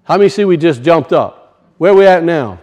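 High-voiced Cajun preacher. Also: male voice, lively intonation, normal speed, lo-fi sound. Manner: emphatic, questions the congregation, folksy dialect grammar. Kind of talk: sermon.

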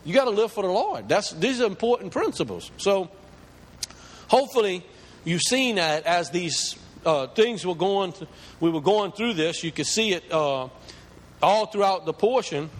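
Man, pastor, high voice, lively pitch, church hall reverb. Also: normal speed. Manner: impassioned preaching, rising pitch as he builds. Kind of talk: sermon. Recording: long reverb of a large hall.

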